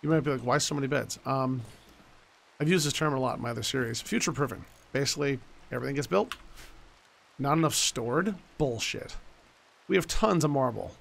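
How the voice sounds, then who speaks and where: Gravelly, blunt man in his forties. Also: medium pitch, brisk. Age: 40s. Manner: blunt, swears freely, rambling asides. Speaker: gaming YouTuber. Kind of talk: casual let's-play commentary.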